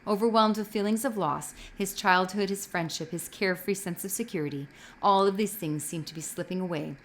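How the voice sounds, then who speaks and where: Brief: woman narrator reading a novel aloud, expressive, mid-pitched, faint hiss behind. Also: fairly quick. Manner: expressive reading with occasional slips. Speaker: reader.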